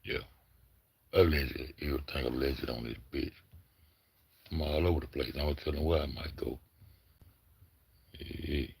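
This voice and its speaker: A man telling a story gruffly, with heavy cursing. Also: very deep voice, measured pace, long pauses, dry recording. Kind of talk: casual chat.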